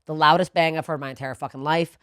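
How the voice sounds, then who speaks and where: A woman co-hosting a podcast, telling a story in a profane, animated way that swings from low muttering to loud bursts. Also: fast, slight background noise. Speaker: podcast co-host. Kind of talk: storytelling in casual podcast chat.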